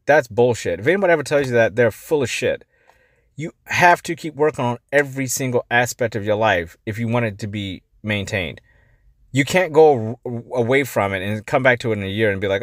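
A man hosting a motivational life-coaching podcast. He talks bluntly, swears, and swings between quiet asides and emphatic pushes. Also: medium pitch, expressive, fairly quick, dry recording, studio quality. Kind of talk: motivational monologue.

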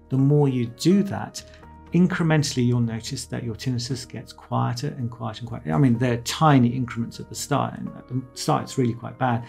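A man's voice: mid-range voice, gravelly, darkish tone. A man, an ear surgeon, explaining in a casual, reassuring way, full of asides and quoted inner talk. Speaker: ENT surgeon explaining his experience.

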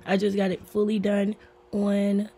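A hoarse woman with laryngitis chatting candidly and swearing freely in a casual vlog to her phone camera. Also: mid-range voice, monotone, unhurried, warm tone. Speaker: vlogger.

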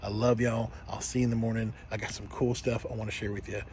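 A man's voice: lowish voice, level tone, fast talker, darkish tone, a little hiss or hum. A man talking candidly in a casual vlog, telling stories with self-mocking jokes. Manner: candid, joking storyteller. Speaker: vlogger. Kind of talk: casual late-night vlog.

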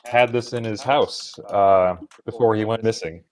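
Man, low voice, tabletop role-play, hesitant, soft trailing sentences, relaxed. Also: measured pace. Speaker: tabletop player.

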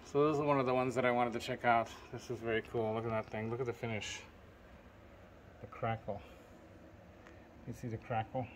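A man of middle pitch gives an excited, rambling walkthrough of a packed indoor guitar room. He admires finishes and amps as he goes and keeps stopping to search for names. Faint noise sits under his voice. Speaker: vlogger touring a gear collection. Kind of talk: casual walkthrough commentary.

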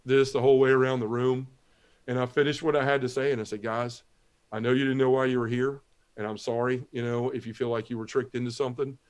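A middle-aged man telling his conversion story as a podcast guest, earnest and often dropping to a hushed voice. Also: mid-range voice, little pitch movement, fast talker, clear, resonant tone. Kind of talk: testimony storytelling.

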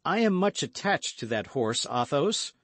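Young swordsman, eager, insistent, higher voice, man reading, dry sound. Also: sing-song, unhurried, fairly bright tone, no room sound, heavily acted. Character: young hot-headed male swordsman, eager.

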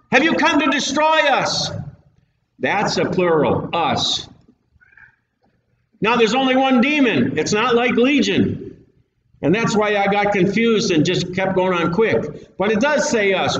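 A man gives a folksy, plain-spoken sermon, leaning hard on his points. His voice sits high for a man. He is recorded from a distance in a roomy hall, and the sound is dull and slightly noisy. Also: fairly bright tone. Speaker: preacher. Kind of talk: casual Bible-teaching sermon. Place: church hall with a live audience. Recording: echoey room, mic at a distance, dull sound.

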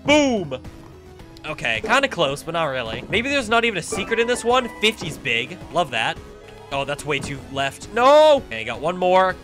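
A young man doing let's play commentary, excitable, reacting loudly and laughing. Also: high voice, moderate pace, soft background music. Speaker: gaming YouTuber.

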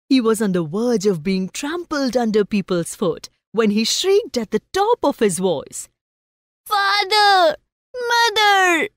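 A woman, narrating a story for students in a slow, expressive way and asking the class questions. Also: medium pitch, no echo, studio quality.

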